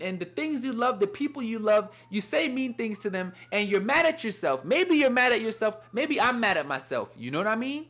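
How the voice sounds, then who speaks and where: Earnest young man, lively rambling Bible talk. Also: high-pitched. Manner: rambling, earnest, repeats "you know what I mean". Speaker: Bible study teacher. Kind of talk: casual devotional talk.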